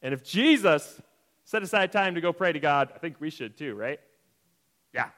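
A man's voice: a little high, expressive, normal speed, fairly bright tone. A young man teaching a playful, jokey Bible lesson to children, often asking the audience questions. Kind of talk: lively kids' Bible lesson.

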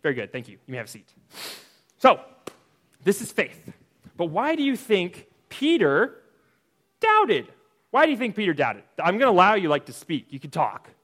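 A man with a high, very lively voice that jumps all over as he teaches a children's Bible lesson. He tells the story in a playful, jokey way and keeps calling on the kids to join in. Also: brisk. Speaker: Sunday school teacher.

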